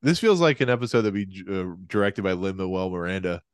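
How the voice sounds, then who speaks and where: A man's voice: low voice, very animated, fast talker, clear, resonant tone, no room sound, clean studio sound. A man co-hosting a podcast in casual chat, rambling and restarting his sentences. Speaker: podcast co-host.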